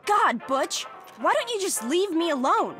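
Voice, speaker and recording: Exasperated teenage girl, high and animated, over soft game music. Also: a little slow, heavily acted. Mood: pleading. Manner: exasperated, pleading. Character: teenage girl, the overseer's daughter, fed up. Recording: game audio with background music.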